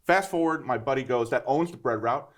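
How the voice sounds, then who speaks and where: A man in his fifties, a business owner telling his life story in an interview, animated and full of "right?" asides. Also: medium pitch, brisk. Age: 50s. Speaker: guest entrepreneur.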